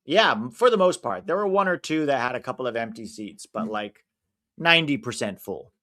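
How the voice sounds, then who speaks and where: An American man commenting casually on a live football match for his stream viewers, reacting loudly to big moments. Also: medium pitch, expressive, a little fast. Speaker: watch-along streamer.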